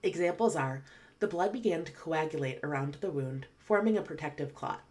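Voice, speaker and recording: A woman's voice: sits low, expressive, a little fast, darkish tone. A woman teaching English vocabulary, patiently explaining definitions and reading example sentences. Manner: patient, clear, spells out definitions then reads example sentences.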